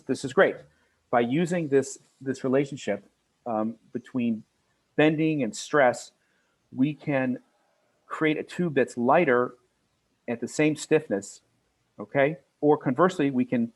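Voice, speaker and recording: An older man giving an engineering lecture, often restarting and correcting himself while pointing at diagrams. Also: mid-range voice. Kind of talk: classroom lecture on materials.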